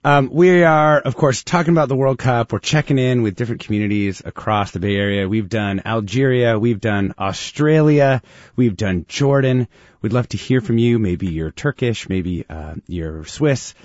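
A man hosting a live radio interview, chatty and lively, with many fillers. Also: medium pitch, normal speed, no room sound. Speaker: radio show host. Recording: dry, slightly muffled radio studio audio.

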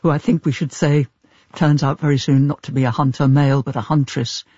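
A man's voice: mid-range voice, level tone, a little fast, dark tone, breathy edge, dry recording, highs cut off. A male interviewer asking long, articulate questions about a book. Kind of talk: literary interview.

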